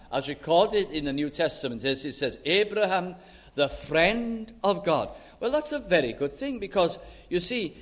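Earnest male preacher, slightly high voice. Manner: measured, earnest, varies pace for emphasis. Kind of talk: sermon.

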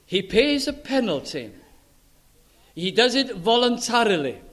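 A man preaching a sermon in an earnest, emphatic way, stretching key words and letting his voice sink low and soft at the ends of phrases. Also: big pitch swings, unhurried.

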